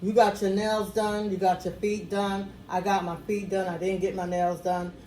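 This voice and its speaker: A woman's voice: mid-range voice, level tone, normal speed, warm tone, roomy sound, a little hiss or hum. A woman co-hosting a podcast in casual chat, chatty, laughing along and keeping the story moving. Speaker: podcast co-host.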